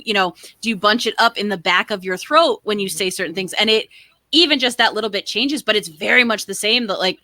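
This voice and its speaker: A woman with a bright, forceful tone chats casually on a podcast, her thoughts tumbling out with fillers and eager asides. The sound is close and dry. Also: medium pitch, no room sound. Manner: enthusiastic, rambling with fillers. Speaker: podcast co-host. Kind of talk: casual chat.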